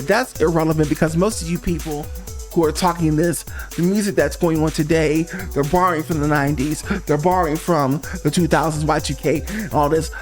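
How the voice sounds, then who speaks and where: Hosting a pop music review show, a man with a somewhat high, slightly mellow voice addresses the viewer directly. His casual, opinionated monologue is sassy and emphatic.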